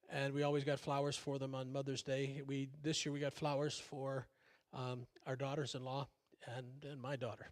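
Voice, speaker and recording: Older guy pastor giving a sermon, bit of a higher voice, chatty and folksy, lots of uhs and ums. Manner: folksy, conversational with frequent fillers and self-deprecating asides. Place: church sanctuary.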